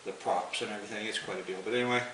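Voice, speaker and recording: Racing along in a lowish voice with fairly even intonation, a man tells a long, rambling story in a folksy manner, with chuckles throughout. The sound is a distant, roomy, noisy home recording.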